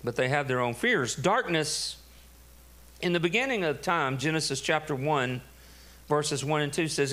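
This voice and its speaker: A middle-aged man, a pastor telling a story in a sermon, animated and laughing. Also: on the high side, normal speed. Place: church.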